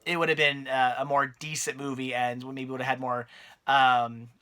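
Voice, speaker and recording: A man's voice: mid-range voice, little pitch movement, normal speed, pushed and bright. A man giving a casual, rambling spoken movie review, full of fillers and restarts.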